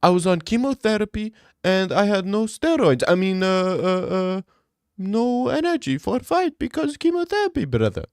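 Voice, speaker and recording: A man's voice: high-pitched, very animated, moderate pace, clean tone, dry recording, studio quality, voice pushed up. A man doing a whiny mock-Dagestani fighter. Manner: pleading, says "brother" constantly. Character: whiny male fighter making excuses, high voice.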